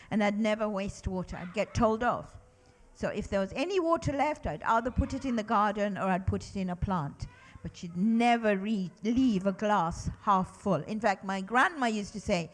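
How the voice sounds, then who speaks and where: A woman's voice: mid-range voice, moderate pace. A middle-aged woman giving a religious lesson to children, asking them lots of questions and leading them in call-and-response recitation. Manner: animated, asks children many questions. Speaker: children's lecturer at a mosque.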